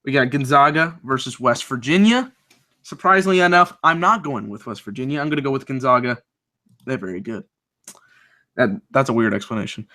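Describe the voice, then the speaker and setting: A young man talks sports on a video call, upbeat and chatty as he works through his picks. His voice is bright and forceful, sitting at an ordinary pitch for a man. He restarts his sentences now and then and keeps the tone easygoing. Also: fairly quick. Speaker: co-host making bracket picks. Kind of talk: casual sports chat.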